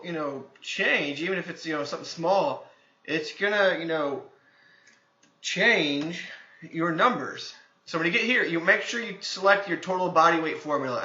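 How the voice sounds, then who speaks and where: Bright-voiced man explaining casually in an echoey room. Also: on the high side. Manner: conversational, many filler phrases. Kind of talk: casual screen-recorded tutorial. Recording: echoey room, dull lo-fi sound.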